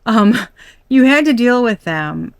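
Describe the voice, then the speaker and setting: A woman's voice: a little high, very animated, slow, clean tone, dry recording. A young adult woman doing a casual tarot reading, chatty and blunt, swearing and laughing often. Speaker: tarot reader.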